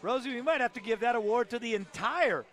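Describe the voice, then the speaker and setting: A high-pitched male commentator calls a tennis broadcast, delivering scores and playoff scenarios with punchy emphasis. Faint music plays underneath his voice. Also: quick pace. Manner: energetic, emphatic, with restarts. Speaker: play-by-play commentator.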